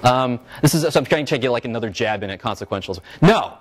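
A man lecturing on philosophy at a seminar, animated and joking, full of fillers, restarts and quick "right?" check-ins with the room. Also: mid-range voice.

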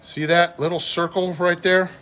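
Man calmly walking through a Bible. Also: sits high, normal speed, background noise. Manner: relaxed, explanatory show-and-tell, reading notes aloud. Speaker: pastor. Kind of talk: Bible unboxing review.

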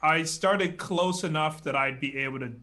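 A young man playing in a tabletop game, talking in a casual, halting way with restarts. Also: fairly high pitch, bright, forceful tone. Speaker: player.

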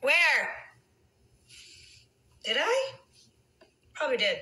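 Brash, bright-voiced woman. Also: high-pitched, wildly swooping pitch, very slow, poor audio. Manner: brash, swears freely, talks back to trolls. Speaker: reality TV personality on a phone livestream. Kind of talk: casual livestream chat with viewers.

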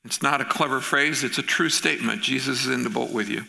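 With a gravelly, mid-range voice, a middle-aged male pastor races through his church sermon at a quick pace with hardly any pauses, telling stories animatedly and acting out the voices in them.

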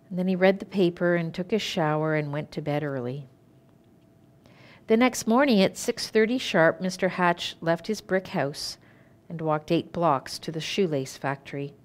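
A woman minister with a Canadian accent, calmly reading a children's story aloud with gentle expression. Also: deep voice, normal speed. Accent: Canadian English.

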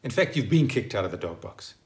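A man's voice: lowish voice, very animated, brisk, a little mellow. A man hosting his own channel and teaching English vocabulary in an upbeat, emphatic way, acting out example phrases. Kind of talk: scripted vocabulary lesson.

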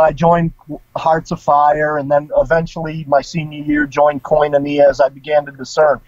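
A man's voice: a little high, no echo. A middle-aged man, a former priest, telling his personal story in a casual interview, informal and emotional. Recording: dull lo-fi sound.

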